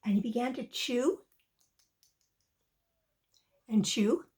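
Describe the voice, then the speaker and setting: Slow, high-voiced woman telling a children's story. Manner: expressive, drawn-out storytelling. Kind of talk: reading a children's story aloud.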